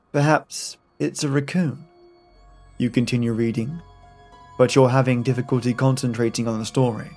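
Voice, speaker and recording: A man narrating a scripted horror story in the second person, in a measured storytelling manner. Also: mid-range voice, a little mellow.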